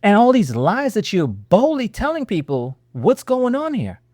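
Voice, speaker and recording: A man hosting a political reaction show, talking in a sarcastic, animated way with many rhetorical questions. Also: high voice, a little slow, dry recording, studio quality. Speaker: host.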